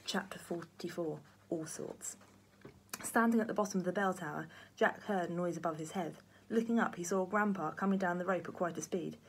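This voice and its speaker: A woman, a primary teacher, reading a children's book aloud with lively, expressive storytelling. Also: lowish voice, moderate pace, slight background noise.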